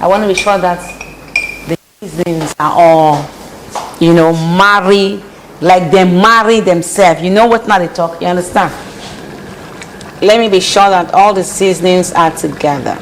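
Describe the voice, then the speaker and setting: A woman talks slowly and deliberately as she cooks in a home kitchen. Her tone is preachy and she repeats phrases for emphasis. A faint hum of noise sits behind her voice. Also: lowish voice, poor audio. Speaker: host. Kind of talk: casual cooking vlog talk.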